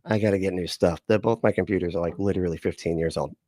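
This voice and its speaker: A man's voice: low voice, steady tone, fast, warm tone, no echo, clean studio sound. A man hosting a livestream, giving sarcastic, rambling reaction commentary and chatting with his viewers. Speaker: livestream host.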